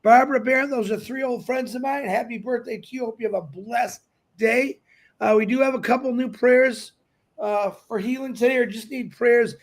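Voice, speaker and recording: A man's voice: very high voice, normal speed. An older man hosting a livestream, effusive and repetitive, reading birthdays and prayer requests with frequent fillers. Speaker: livestream host.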